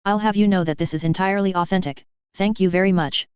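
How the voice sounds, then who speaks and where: A cocky male spirit talking through a house cat, as a narrator puts him on in a showy TV British accent. He teases and grumbles sardonically, in a smooth, dry and slightly dull recording. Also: medium pitch, steady tone, quick pace, no echo, natural voice. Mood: teasing. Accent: put-on TV British.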